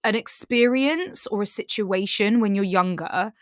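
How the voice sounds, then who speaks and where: A woman's voice: mid-range voice, measured pace, no room sound. Woman, frank podcast guest storyteller, dry intimate mic. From Southwest London, England. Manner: frank and animated, swears freely. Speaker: guest, sex educator. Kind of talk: candid storytelling in podcast chat.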